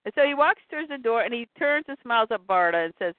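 Woman retelling a comic, very lively pitch, fairly high voice, tinny phone-like line. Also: fast, few pauses, dry recording. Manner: lively storytelling with laughs.

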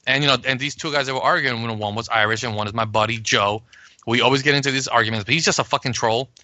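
Bright-voiced animated podcast guy. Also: medium pitch, fast talker, no room sound. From Puerto Rico. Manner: animated, swearing, acts out quoted arguments. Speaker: podcast co-host. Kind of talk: casual podcast chat.

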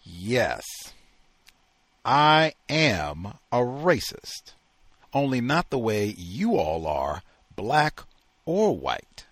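Gruff, husky older kennel man, furious and fed up with humanity, swinging wildly in pitch as a man reads him aloud. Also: huge pitch swings, unhurried, no room sound, heavily acted. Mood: bitter defiance. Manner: gruff, shouting, then forced restraint.

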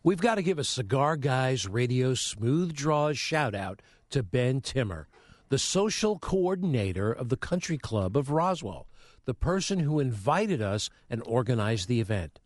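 A man's voice: mid-range voice, big pitch swings, unhurried, no room sound. Chatty male radio co-host, dry mic. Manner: chatty, giving shout-outs. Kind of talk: radio talk show banter. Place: radio studio. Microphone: studio mic.

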